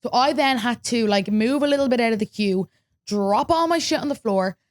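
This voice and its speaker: A young Irish woman hosting a podcast, telling a story in casual chat, lively and swearing freely as she acts out what people said. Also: on the high side, moderate pace. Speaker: podcast host.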